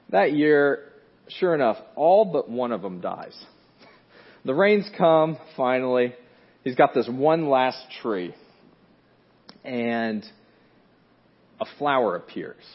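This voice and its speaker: Male preacher, husky tone, casual storytelling sermon, dull lo-fi recording. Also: lively intonation, slow pace, long pauses. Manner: conversational, many fillers and restarts; rises loud and high in dramatic moments.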